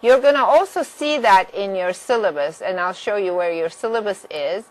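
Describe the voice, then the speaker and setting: A woman's voice: medium pitch, moderate pace, poor audio. A woman math instructor giving a course orientation lecture, direct and firm about deadlines.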